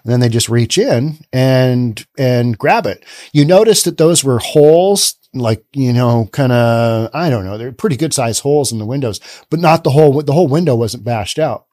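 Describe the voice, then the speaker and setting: Animated sarcastic man, dry close mic. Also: medium pitch, moderate pace, few pauses, no room sound. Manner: sarcastic, animated, repeats himself. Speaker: podcast host. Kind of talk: casual commentary reading news aloud.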